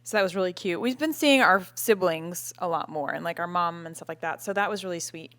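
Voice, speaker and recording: A woman's voice: on the low side, a little fast, no echo. Woman, late 20s, podcast co-host, chatty and giggly, dry mic. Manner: chatty, laughs often, animated retelling. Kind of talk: casual chat. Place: home. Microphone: podcast microphone with cover.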